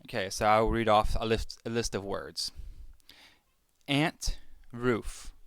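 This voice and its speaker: A man's voice: fairly low pitch, slow pace, fairly bright tone, smooth, dry recording. Chatty American man with dry sound. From Pennsylvania, USA. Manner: chatty, self-correcting. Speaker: vlogger. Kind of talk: casual vlog word-list reading.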